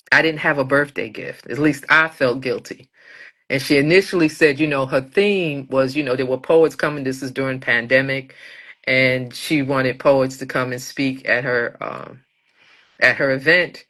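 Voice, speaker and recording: Woman poet guest, lively storyteller with a bright forceful tone, casual interview talk. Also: very deep voice. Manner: animated storyteller, acts out quoted dialogue.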